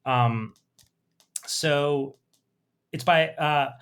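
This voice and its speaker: A man with a slightly high-pitched voice co-hosts a relaxed podcast conversation. He talks in a lively, animated way and breaks off now and then to read passages aloud from a book. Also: very slow, smooth. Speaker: podcast co-host. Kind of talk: casual podcast chat about a comic book.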